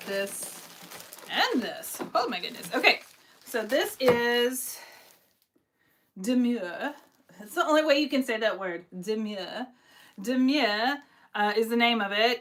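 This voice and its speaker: Woman chatting on her craft livestream, casual, lots of ums, mid pitch. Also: a bit bright, a little hiss or hum. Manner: chatty, lots of fillers, reads viewer comments aloud. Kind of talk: casual live stream show-and-tell.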